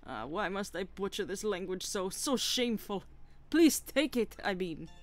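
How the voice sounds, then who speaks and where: A woman's voice: mid-range voice, expressive, normal speed, soft background music, natural voice. A woman voicing an overjoyed male chef who talks in clumsy, formal, broken phrases. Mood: gushing.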